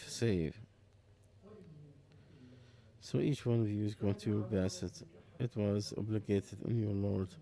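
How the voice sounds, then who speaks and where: Slow, halting man giving Quran commentary. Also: fairly low pitch, vocal fry, mellow. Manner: slow, halting, with pauses and restarts. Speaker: Quran interpreter. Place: mosque.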